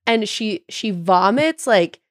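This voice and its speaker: A chatty woman in casual podcast conversation, retelling a story full of fillers and restarts. Her pitch is middling for a woman, and the recording is dry and close. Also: animated, takes it slowly, no room sound. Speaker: podcast guest. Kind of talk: casual chat.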